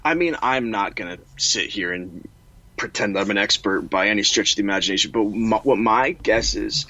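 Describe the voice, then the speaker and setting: Podcast co-host, man with a low, bright, forceful voice, keen and self-deprecating, on a dry, lo-fi mic. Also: normal speed, no room sound. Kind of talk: casual sports chat.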